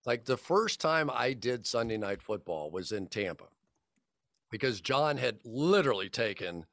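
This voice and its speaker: A man's voice: medium pitch, animated, measured pace, fairly bright tone, no echo. A man in his fifties, a football broadcaster, telling rambling anecdotes on a podcast and acting out the dialogue. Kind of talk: casual podcast storytelling.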